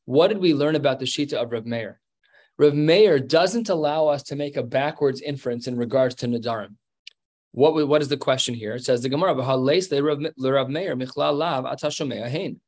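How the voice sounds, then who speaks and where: Gravelly-voiced man teaching Talmud. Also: mid-range voice, fairly quick, a little mellow. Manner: explanatory, conversational, with many fillers and restarts. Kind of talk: Talmud lesson.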